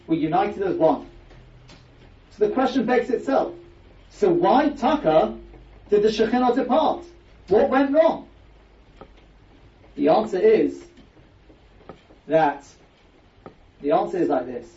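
A rabbi gives a Torah class, explaining through emphatic rhetorical questions. His high, mellow voice swings widely in pitch, unhurried and with long pauses, while the recording is echoey, distant and dull.

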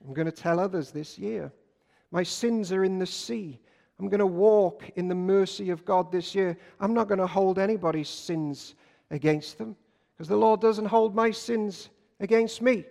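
A man preaching a sermon, telling stories and swinging between loud bursts and hushed lines. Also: high voice, normal speed, creaky. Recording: long hall reverb.

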